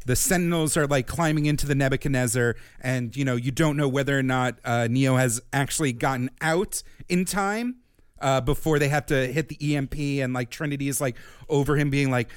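A man's voice: mid-range voice, smooth, no echo, clean studio sound. A young man co-hosting a podcast, telling stories in a rambling, casual way. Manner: rambling storyteller, quick to jump in. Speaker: podcast co-host. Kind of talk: casual chat.

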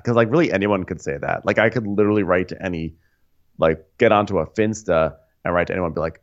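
A man's voice: low voice, fast. A man co-hosting a comedic TV recap podcast, rambling and laughing through the story with lots of fillers. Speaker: podcast co-host. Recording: slightly dull lo-fi recording.

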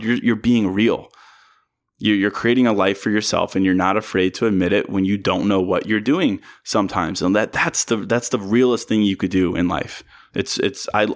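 A young man giving a casual motivational monologue, candid and self-deprecating, laughing often and restarting his sentences. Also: fairly low pitch.

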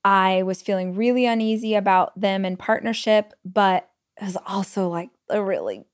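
A woman hosting a solo podcast, telling personal stories in a chatty, animated way full of "like" fillers and quoted thoughts. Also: mid-range voice, normal speed, smooth. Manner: retells stories with quoted inner speech. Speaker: podcast host. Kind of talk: casual solo podcast storytelling.

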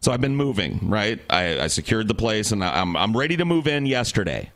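A man's voice: lowish voice, sing-song, a little fast, fairly bright tone. Exasperated man telling a long story. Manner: rambling, exasperated, acts out quoted people. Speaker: podcast co-host. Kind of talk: casual storytelling chat.

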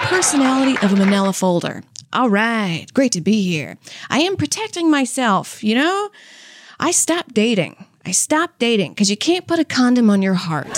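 A woman's voice: on the high side, sing-song, moderate pace, very noisy. A young woman from Louisiana, a comedian and podcast co-host, telling candid stories in a chatty, profane way and laughing often. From Louisiana, US South. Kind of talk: candid casual storytelling with stand-up jokes.

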